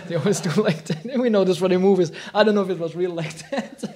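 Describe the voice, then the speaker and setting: High-voiced man telling an animated story. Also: a little fast, slight background noise. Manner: animated, acts out quotes, laughs often. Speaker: teacher giving a talk. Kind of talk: informal storytelling talk.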